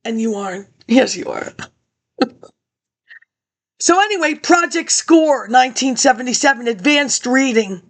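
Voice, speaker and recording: A woman's voice: sits high, lively intonation, a little slow, long pauses. A woman in her fifties, a vlogger rambling through a personal story and jumping between tangents as she talks straight to her viewers.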